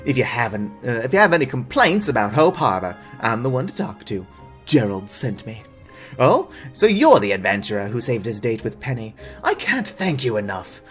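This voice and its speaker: Brief: proud small-town mayor NPC, hearty and loud, voiced by a man. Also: big pitch swings, moderate pace, faint music behind, close to an everyday voice. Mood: jovial. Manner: loud, booming and jovial. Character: hearty middle-aged male town mayor, friendly and proud.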